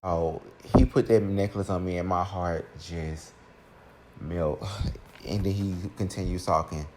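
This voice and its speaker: A young man with a fairly low voice tells a personal story to his viewers. He is animated and chatty and keeps turning to speak straight to his audience. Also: measured pace, a little hiss or hum. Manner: animated, keeps addressing listeners directly. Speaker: storytime vlogger.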